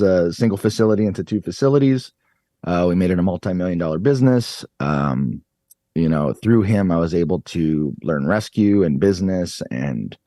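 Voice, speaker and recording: Guy in his 30s, deep dark voice, dry close podcast sound, swears a lot and gets animated. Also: dry recording. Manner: animated, swears freely, acts out quotes. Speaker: podcast guest. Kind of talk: casual storytelling.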